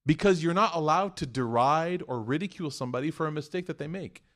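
Man, preacher, sermon, animated storytelling, earnest exhortation. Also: fairly high pitch, quick pace. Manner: acts out story voices, animated and joking.

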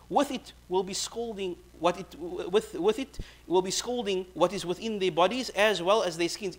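A man giving a sermon, quickly reciting verses and then explaining them in casual, conversational English. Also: high voice, fairly bright tone. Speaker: Islamic preacher.

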